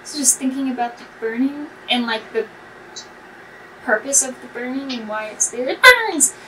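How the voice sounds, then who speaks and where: A woman playing a tabletop game, chatty and excitable, trailing off with fillers as she thinks. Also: on the high side, moderate pace, far from the mic, heavy background noise. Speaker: player. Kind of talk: casual tabletop play.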